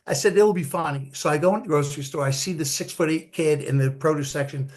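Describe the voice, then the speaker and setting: A man's voice: fairly high pitch, quick pace. A man in his sixties, a podcast guest, telling stories in an easygoing way and laughing often. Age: 60s. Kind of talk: casual podcast chat.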